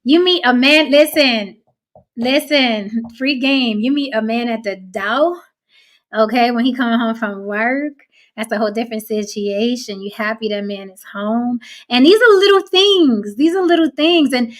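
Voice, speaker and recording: A woman hosts a relaxed podcast and drives her points home by repeating them. Her voice sits a little high, and her talk is frank and casual. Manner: emphatic, repeats points for effect. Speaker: host.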